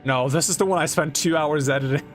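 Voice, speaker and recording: A young man's fairly high-pitched voice moves at a quick pace as he plays and streams a game. He chats casually over game music, drifting from one thought to another and laughing frequently.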